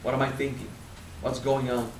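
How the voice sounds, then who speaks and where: A man in his thirties with a French accent, speaking at a spiritual seminar, frank and animated, swearing casually and drawing out key words. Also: mid-range voice, moderate pace, echoey room, far from the mic, a little hiss or hum, poor audio. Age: 30s. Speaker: spiritual teacher. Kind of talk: seminar talk.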